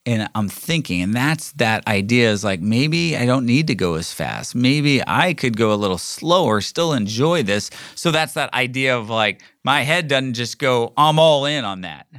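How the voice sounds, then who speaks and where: Animated and speaking at normal speed with hardly a pause, a middle-aged man records his own podcast alone, rambling through a casual story full of fillers and false starts. His mid-pitched voice is a bit bright, with studio-quality, echo-free audio.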